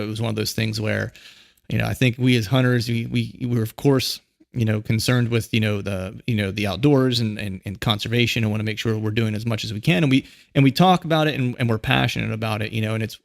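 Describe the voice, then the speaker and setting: A man's voice: medium pitch, creaky, no echo, studio quality. A man hosting a podcast, chatting casually with a guest and rambling through many fillers and restarts. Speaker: podcast host. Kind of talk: casual interview chat.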